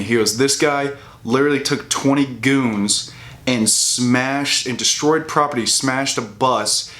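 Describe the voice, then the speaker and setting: A young man rants straight to camera in a heated, profane way. His voice sits at an ordinary middle pitch, and he stumbles and restarts as he builds his case. He speaks like a casual vlogger, mocking the people he disagrees with. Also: measured pace, pushed and bright. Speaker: bodybuilding vlogger. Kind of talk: ranting casual commentary.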